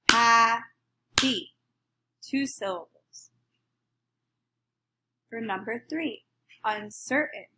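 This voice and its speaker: A woman teaching a phonics lesson, slowly and clearly stretching out each word as she counts its syllables. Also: fairly high pitch, noisy background. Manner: slow, clear, deliberate, stretching out words.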